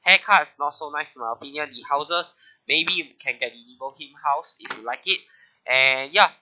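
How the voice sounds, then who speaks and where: A man's voice: a little high, moderate pace, bright, forceful tone, lo-fi sound. A man hosting a casual gaming video, sick with a bad flu, his voice nasal, talking through update notes with frequent "uh" fillers. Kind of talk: casual game update commentary.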